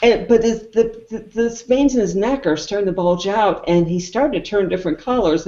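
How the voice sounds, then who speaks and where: An animated co-host of a film review show, retelling scenes in casual chat and acting out the characters' lines. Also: medium pitch, normal speed, few pauses. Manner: animated storyteller who acts out the characters' lines. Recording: roomy, dull lo-fi sound.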